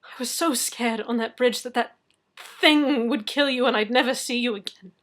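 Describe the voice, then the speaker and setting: A woman's voice: on the high side, normal speed, fairly bright tone, close to an everyday voice. A woman reading aloud, voicing a polite, flustered man pleading to talk things over. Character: anxious, polite male gentleman pleading. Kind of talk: audiobook reading.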